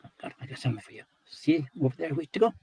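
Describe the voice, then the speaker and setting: A man's voice: a little high, very animated, rapid-fire, gravelly, mellow, slightly rough, dry recording, full character voice. A man voicing a cunning male trickster who coaxes others with promises. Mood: coaxing. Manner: coaxing, persuasive.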